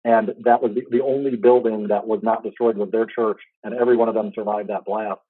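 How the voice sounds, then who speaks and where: A man in his thirties telling a heartfelt personal story in a casual, halting way, full of restarts. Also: on the low side, fairly even intonation, dry recording, phone-quality sound. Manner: fast, halting, with many restarts and fillers; earnest, heartfelt. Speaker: podcast host.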